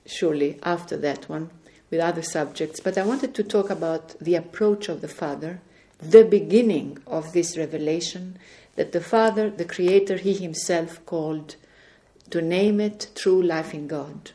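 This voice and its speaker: Earnest woman speaker, soft dark tone, recounting faith experiences at home. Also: fairly low pitch, normal speed. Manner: earnest, gently recounting conversations. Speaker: religious speaker. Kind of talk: spiritual testimony talk. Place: indoors at home.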